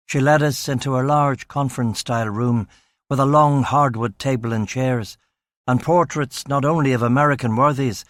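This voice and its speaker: A man's voice: mid-range voice, dry recording. Dry, wry male audiobook narrator. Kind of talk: first-person audiobook narration.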